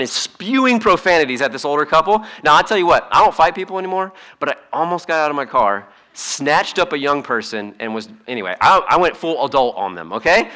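A man preaching a sermon in a conversational, humorous way, swinging between hushed asides and emphatic points. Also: a little high. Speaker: pastor.

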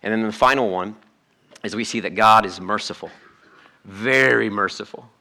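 A man preaching a sermon to his church in a conversational, animated way, with joking asides. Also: fairly low pitch, normal speed. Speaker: pastor.

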